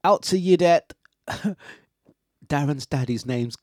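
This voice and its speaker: A man hosting a breakfast radio show, chatting, laughing often and giving shout-outs to listeners. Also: a little high, takes it slowly, no echo, clean studio sound. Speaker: radio DJ host. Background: music playing.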